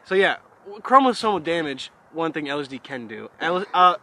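Young man, podcast co-host, crude jokes, swearing, slightly high, bright voice. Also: sing-song, normal speed, few pauses. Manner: crude, joking, profane. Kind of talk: casual chat.

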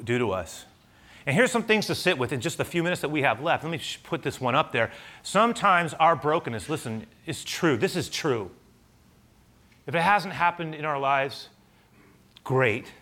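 A man's voice: mid-range voice, sharp tone. Man preaching a conversational sermon. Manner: conversational preaching, asides and rhetorical questions. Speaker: pastor.

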